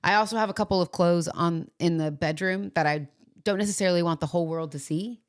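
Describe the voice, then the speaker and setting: A woman co-hosting a podcast, telling a story in casual chat and acting out what people said. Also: quick pace. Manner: animated retelling, acts out quoted lines in a higher voice. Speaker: podcast co-host.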